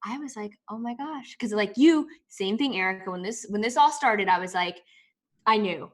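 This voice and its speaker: A woman's voice: medium pitch, expressive, moderate pace. A woman co-hosting a casual show recap, chatty and quoting her own reactions. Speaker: podcast co-host.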